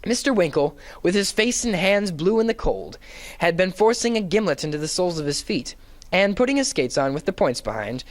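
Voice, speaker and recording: Man giving an expressive dramatic reading. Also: high-pitched, a little fast. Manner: expressive, theatrical narration. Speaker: reader. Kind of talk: dramatic reading of a classic novel.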